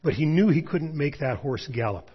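Man reading a story aloud then praying, mid-pitched, husky voice, muffled lo-fi sound. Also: expressive, moderate pace. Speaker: pastor. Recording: dull lo-fi sound.

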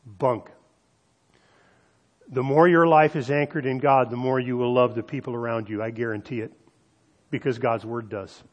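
A male pastor delivering a sermon, slowing down to stress key phrases and speaking directly to the congregation. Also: medium pitch, steady tone, muffled recording. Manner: emphatic preaching with slowed, stressed phrases and audience asides.

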